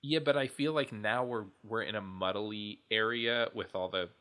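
Male podcast co-host, deep but bright tone, loose rambling delivery. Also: moderate pace. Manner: rambling, restarts thoughts often. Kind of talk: casual chat.

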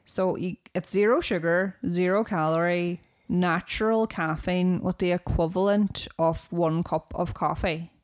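A woman co-hosting a podcast, chatty and quick to laugh. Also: lowish voice, steady tone, a little mellow. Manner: chatty, laughs often, spells words out. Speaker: podcast co-host. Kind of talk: casual chat.

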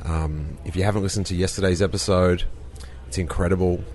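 A man's voice: sits low, fairly even intonation, brisk, darkish tone. A man, a comedian, talking casually to his audience while on the move, upbeat and jokey with plenty of fillers. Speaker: comedian and podcast host. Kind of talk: casual vlog chat on the move.

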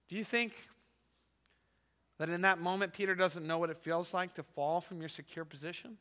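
High-voiced, bright male pastor preaching. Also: normal speed, in a large hall. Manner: emphatic, with repeated rhetorical "right?". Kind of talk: sermon.

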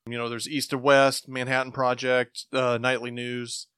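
A man with a bright voice takes part in a casual podcast chat and keeps asking probing, curious questions. The sound is dry and close, with no room around it. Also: medium pitch, monotone, moderate pace, smooth, no room sound. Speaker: comic book podcast co-host.

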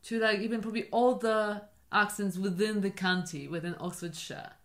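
A woman in casual conversation, lively and chatty, telling an anecdote with quick asides. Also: mid-range voice. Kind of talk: casual chat.

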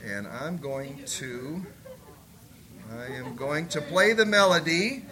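Folksy, high-voiced missionary preacher. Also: male voice, expressive, takes it slowly, sharp tone. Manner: folksy, chatty, joking. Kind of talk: sermon with stories.

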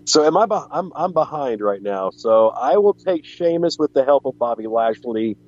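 Laid-back man with a dull, mellow sound. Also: medium pitch, lively intonation, normal speed. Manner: joking, rambling with restarts and giggles. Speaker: podcast co-host. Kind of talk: casual wrestling chat.

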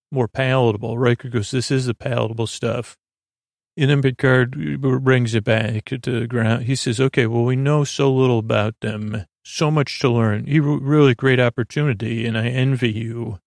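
A man's voice: mid-range voice, fairly even intonation, moderate pace, no echo, clean studio sound. A man hosting a sleep podcast, loosely retelling a TV episode in a meandering way, full of fillers and restarts. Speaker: podcast host. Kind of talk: rambling episode recap for sleep.

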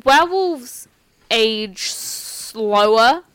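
A woman game master talks through characters and rules at an unhurried pace. Her voice is smooth and a little high, recorded close and dry. She restarts phrases now and then as she explains. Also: expressive, a bit bright, no room sound. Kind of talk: explaining a tabletop game setup.

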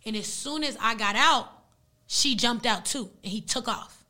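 A young woman whose first language is Arabic tells a story casually and with energy, her speech full of slang. Her voice sits fairly high and sounds bright and sharp. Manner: animated, slangy, fast retelling.

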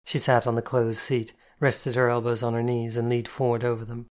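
A reader narrates a novel in the first person, keeping a steady, even storytelling pace. The voice sits in a middle pitch. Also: a little fast. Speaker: audiobook reader.

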